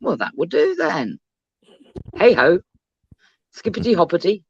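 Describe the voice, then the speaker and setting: A woman's voice: on the low side, sing-song, breathy edge, highs cut off. A woman with a southern English accent, calling in from outside a school to chat playfully on a live stream. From England. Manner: playful and chatty, quick asides. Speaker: guest caller. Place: outdoors by a school, in a bush.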